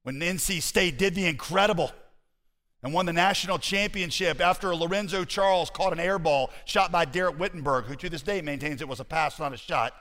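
A man preaching in a slightly high voice that carries a long hall reverb. He tells stories and moves between soft, intimate asides and loud, emphatic rhetorical questions. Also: fairly quick. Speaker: pastor. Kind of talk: sermon.

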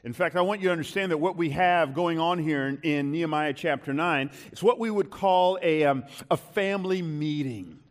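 A middle-aged man preaching from the pulpit, his voice sitting a little higher than most men's. He leans hard into his key lines, slowing down and climbing. The sound carries a long reverb from a large hall. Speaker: pastor. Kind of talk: sermon.

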